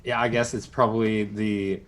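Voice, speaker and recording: A man's voice: lowish voice, level tone, normal speed, slight background noise. A man playing a tabletop game, talking casually and explaining his rolls. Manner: casual and filler-heavy. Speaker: player.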